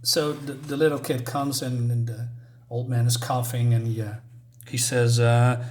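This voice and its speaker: Brief: man with a mid-range voice, casual comic read-through, halting and musing. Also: mid-range voice, little pitch movement, a little mellow, reverberant. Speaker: comic book reviewer.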